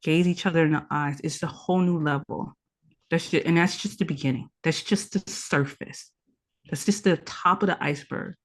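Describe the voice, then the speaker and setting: A woman's voice: deep voice, moderate pace. A woman guest on a podcast, teaching tantra practice in an earnest, instructive way and repeating her key points. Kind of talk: conversational podcast interview.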